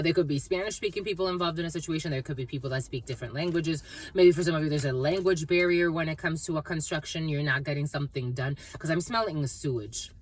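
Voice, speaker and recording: A woman doing a casual, rambling intuitive reading, playful and quick to laugh. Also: low-pitched, husky. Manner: rambling, playful, laughs often, terms of endearment. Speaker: psychic tarot reader.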